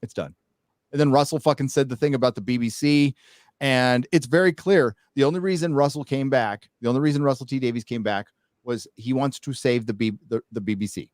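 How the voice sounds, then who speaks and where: A man's voice: medium pitch, a little fast. An American man with a mid-range voice talks casually on a podcast, blunt and skeptical. He stumbles and restarts his sentences often. The sound is dry and close, with no room echo. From United States. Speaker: podcast host. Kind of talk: opinionated casual talk.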